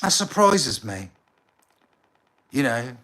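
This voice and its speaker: A man from England, chatting casually on a live stream, rambling and halting, often calling the viewer mate. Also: medium pitch, sing-song, bright, forceful tone. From southern England. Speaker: livestreamer.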